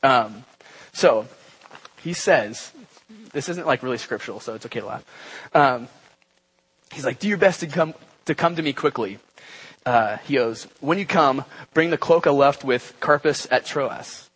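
A young man giving a relaxed, conversational church talk, with many fillers and asides. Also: medium pitch, measured pace, long pauses, breathy edge, low-quality recording. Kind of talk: casual sermon. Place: church gathering.

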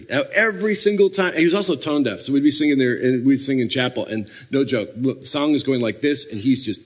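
A male preacher delivers a sermon in a husky, slightly breathy voice at an ordinary middle pitch. He tells stories with energy, slipping into characters and little acted-out scenes. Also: brisk, hardly any pauses. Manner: animated storytelling, acting out scenes.

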